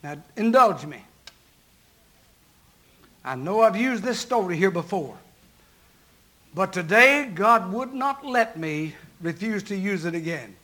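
An older man, a pastor, preaching a sermon and telling a story, swinging from loud exhortation to hushed narration. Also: sits high, lively intonation, slow, pauses often.

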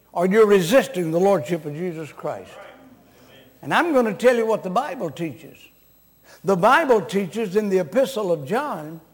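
Brief: high-pitched male preacher, blunt, scolding sermon with jokes, long hall reverb. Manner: blunt, scolding, joking with the congregation. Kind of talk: revival sermon.

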